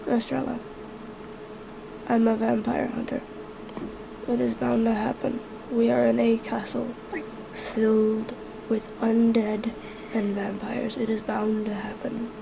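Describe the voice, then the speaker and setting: A woman's voice: a little high, level tone, slow pace, creaky, long pauses, background noise, heavily acted. A woman voicing an imprisoned male vampire hunter in a tabletop game, drawling and sarcastic with plenty of swearing. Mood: weary. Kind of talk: tabletop role-play.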